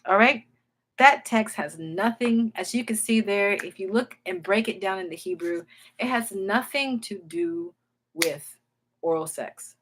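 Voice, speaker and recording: A woman's voice: mid-range voice, unhurried, a bit bright, slight background noise. A woman giving an informal Bible teaching in an emphatic way, often checking in with her listeners. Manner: emphatic, keeps checking in with "okay?" and "all right?".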